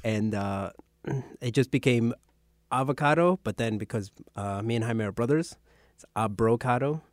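A man guesting on a podcast, talking through stories in a relaxed, chatty way at a medium pitch. The sound is dry and close, like a small studio. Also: normal speed, no room sound. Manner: relaxed storytelling, laughs a lot. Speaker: guest, martial arts fighter. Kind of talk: casual chat.

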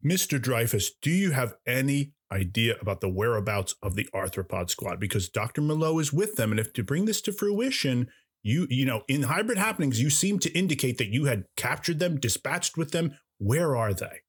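Husky-voiced man hosting comedy improv. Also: mid-range voice, animated, normal speed. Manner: mock-serious, mediating. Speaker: podcast host.

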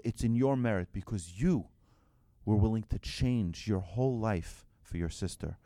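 A man's voice: on the low side, lively intonation, normal speed, dark tone, no room sound, clean studio sound. A man, a rabbi, telling a story in a sermon, acting out the voices and often restarting his phrases.

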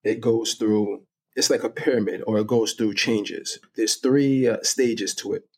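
A man's voice: lowish voice, fairly even intonation, measured pace, a little mellow, breathy edge. A middle-aged man, a guest on an interview show, explaining with enthusiasm and laughing often. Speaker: guest fragrance connoisseur. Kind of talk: casual interview.

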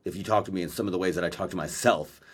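Over a video call from Maui, a man co-hosting a podcast chats bluntly and profanely, describing himself as a verbal processor. His deep, slightly rough voice races along.

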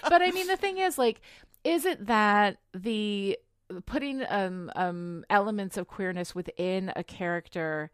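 A woman's voice: mid-range voice, measured pace, clean tone, no room sound. Enthusiastic woman podcaster, dry sound. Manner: enthusiastic, laughs often, thinks aloud with many fillers. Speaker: podcast co-host. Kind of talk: casual chat about a TV show.

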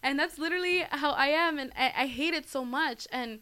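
Chatty young woman, slightly high voice. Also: brisk, sharp tone. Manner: chatty, lots of fillers and "like", laughs at herself; addresses listeners as "guys". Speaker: host of a faith talk. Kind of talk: casual devotional talk.

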